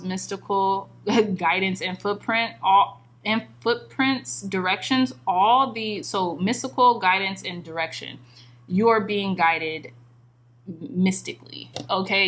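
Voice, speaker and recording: Woman tarot reader, earnest, chants her questions to spirit over and over, medium pitch, self-filmed. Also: fairly bright tone. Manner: repeats invocations to spirit in a chanting rhythm; earnest and emotionally moved. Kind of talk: pick-a-card tarot reading. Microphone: recording herself on camera.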